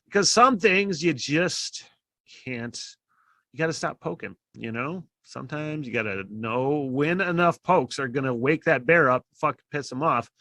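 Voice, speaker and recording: Rambling, foul-mouthed podcast host. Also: male voice, on the high side, animated, unhurried, pushed and bright, no echo. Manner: profane, rambling storytelling with many fillers and laughs. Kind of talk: casual monologue. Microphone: podcast microphone.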